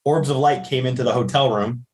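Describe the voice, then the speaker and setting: A man, a podcast guest, telling a personal story in an animated way and acting out the voices of the people in it. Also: mid-range voice, brisk. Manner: animated, acts out the voices in his stories. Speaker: podcast guest, psychic medium.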